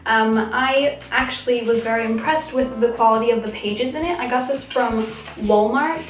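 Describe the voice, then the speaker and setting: A young woman chatting about her monthly favorites in a bubbly, giggly way, recorded at home. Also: fairly high pitch. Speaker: vlogger. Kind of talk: casual favorites vlog. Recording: echoey room, mic at a distance.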